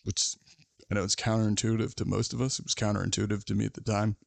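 A man's voice: lowish voice, level tone, fast, gravelly, no room sound. A man hosting a podcast, telling a story in a casual, rambling, self-mocking way with lots of fillers. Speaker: podcast host.

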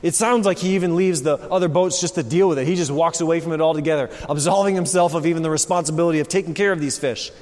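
A man preaching a sermon as pastor, swinging from hushed, low passages to loud, excited ones. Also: quick pace, hardly any pauses. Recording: long reverb of a large hall.

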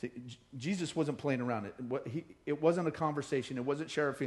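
A male pastor preaching a sermon, telling stories with lively acted-out quotes. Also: fairly high pitch, brisk. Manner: animated storytelling, acting out quoted voices. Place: church hall.

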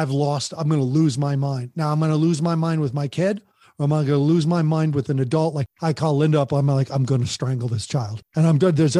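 A middle-aged man hosts a parenting podcast in an animated, conversational way. His voice is husky and sits a little high for a man. The recording is dry and close. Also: dry recording. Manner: animated, acts out parent voices, repeats words.

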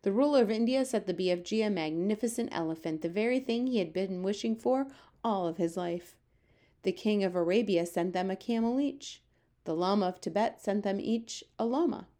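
A woman reading a children's book aloud with steady, expressive storytelling. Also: mid-range voice. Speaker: reader.

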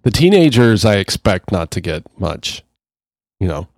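Male podcast co-host, lower voice, meandering reflective delivery, dry recording. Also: sing-song, measured pace, darkish tone, no room sound. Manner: rambling, reflective storytelling. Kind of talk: casual chat.

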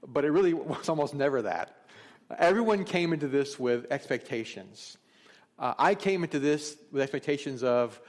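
A man's voice: medium pitch, animated, normal speed. A middle-aged man preaching a sermon as pastor, telling stories in a conversational, candid way. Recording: long reverb of a large hall.

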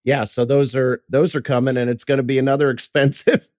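A man's voice: mid-range voice, level tone, brisk, a little mellow, no room sound, studio quality. A man hosting a podcast in casual chat, laughing as he talks. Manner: chatty, laughs while talking. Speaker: podcast host.

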